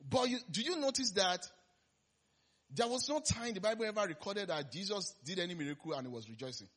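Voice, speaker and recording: A man preaching a conversational sermon, laughing often and swinging between loud emphasis and quiet asides. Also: sits high, expressive, fairly quick.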